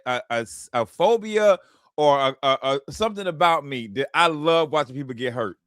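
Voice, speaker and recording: Here a man in his forties is chatting on a comedy radio show. His voice sits a little high, and he tells his stories in a laid-back, easygoing way. The sound is close and dry, as from a studio mic. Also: lively intonation, moderate pace, fairly bright tone, dry recording. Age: 40s.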